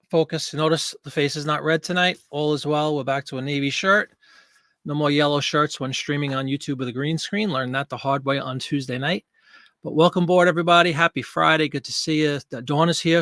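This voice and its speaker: A man's voice: a little high, a bit bright, no echo. A man hosting a casual live stream from a home studio, chatty and jokey, greeting viewers by name. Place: home studio with green screen. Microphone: desk microphone.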